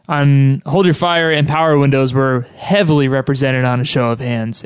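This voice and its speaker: A man hosts a podcast, chatting casually and enthusiastically in loose, rambling phrases. His medium-pitched voice sounds clear and resonant, in a clean studio recording with no room sound.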